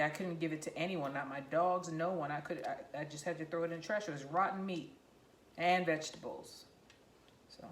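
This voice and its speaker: A woman chatting her way through a home cooking vlog, rambling and laughing, with loud whoops now and then. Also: low-pitched, roomy sound, slight background noise. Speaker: home cook and vlogger. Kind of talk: casual cooking vlog chat. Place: home kitchen.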